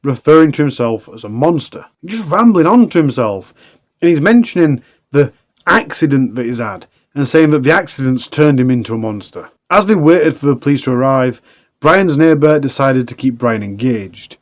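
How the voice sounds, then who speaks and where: A man's voice: mid-range voice, expressive, normal speed. A man narrating a true crime documentary in a plain, conversational way with casual asides.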